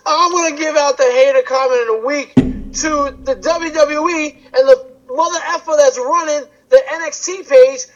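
A man's voice: extremely high pitch, moderate pace, highs cut off. A man co-hosting a casual podcast, playful and jokey. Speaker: podcast co-host. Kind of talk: casual chat.

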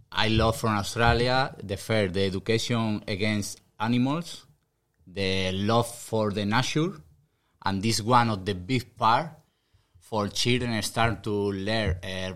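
A man's voice: on the low side, fairly bright tone. A man from Spain with a Spanish accent, speaking English as a second language, answering earnestly in a casual interview and searching for words. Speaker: guest footballer.

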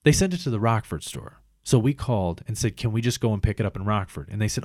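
A man's voice: lowish voice, quick pace, no room sound, clean studio sound. A man casually telling a long complaint story, swearing often and acting out the people he quotes. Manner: profane, animated retelling with quoted voices.

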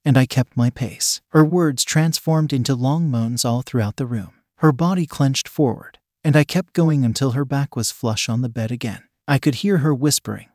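A man narrating a first-person story in a plain, even reading voice. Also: medium pitch, normal speed, hardly any pauses, no echo, studio quality.

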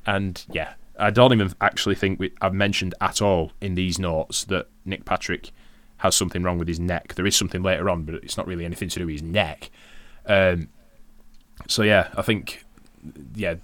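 A man's voice: sits low, fairly even intonation, brisk, a bit bright, no room sound. A British man co-hosting a podcast in casual chat, laughing often and swearing casually. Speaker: podcast co-host.

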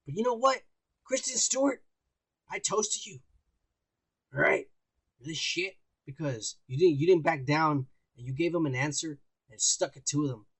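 A man's voice: a little high, animated, normal speed, fairly bright tone, slightly rough. A young man co-hosting a casual podcast, profane and mocking as he reads out news stories. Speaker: podcast co-host. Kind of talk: casual drunk banter.

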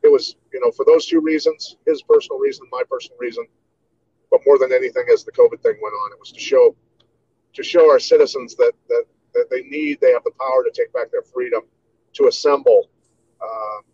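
A man in his fifties from Iowa, telling stories as an interview guest in a relaxed way, with many "you know"s. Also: mid-range voice, fairly quick, dry recording, dull audio. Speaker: guest, martial artist. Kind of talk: casual interview storytelling.

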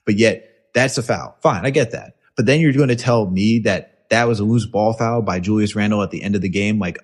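A man's voice: fairly low pitch, a little fast, husky. A man hosting a sports podcast, ranting angrily and swearing in heated casual talk. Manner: angry, ranting, swears a lot. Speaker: podcast host.

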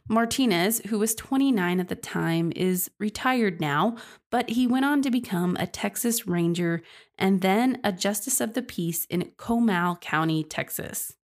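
A woman's voice: mid-range voice, expressive, unhurried. A young woman hosting a true crime podcast, narrating earnestly and speaking casually to her listeners. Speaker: podcast host.

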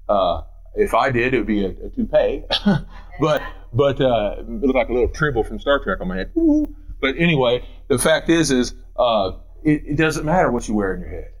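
A man preaching a sermon as pastor, emphatic and repetitive, swinging between loud declarations and hushed asides. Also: medium pitch, poor audio. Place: church.

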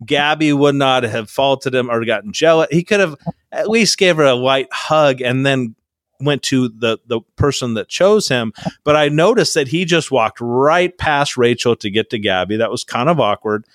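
A man's voice: medium pitch, expressive, normal speed, fairly bright tone, no room sound. A man co-hosting a casual podcast, recapping a reality show with rambling, dry sarcastic asides into a close mic. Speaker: podcast co-host.

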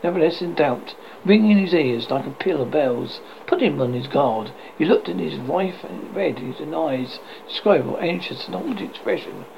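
A man narrating a classic story aloud in a steady reading voice, with occasional small slips. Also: fairly high pitch, normal speed, vocal fry, hardly any pauses. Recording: slightly dull, faint hiss.

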